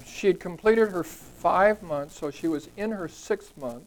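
The recording is rough, and the man's voice sits high as he leads a Bible study group at a slightly slow pace. Teaching scripture conversationally, he questions the group and repeats words when emphasizing.

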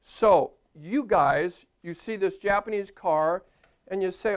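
A man's voice: high-pitched, animated, takes it slowly. An older man preaching a sermon as a pastor in a church, chatty and playful, laughing at his own jokes.

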